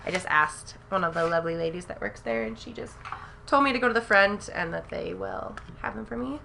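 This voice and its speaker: Bright-voiced gushing young woman vlogger. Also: mid-range voice, moderate pace, creaky. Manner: gushing, gasping and squealing with excitement. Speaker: beauty vlogger. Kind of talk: casual makeup haul review.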